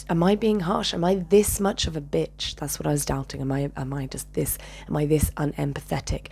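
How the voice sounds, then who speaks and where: Husky low-voiced woman telling a story. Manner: intense, swings between loud and whispered, swears. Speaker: channel host. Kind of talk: personal storytelling.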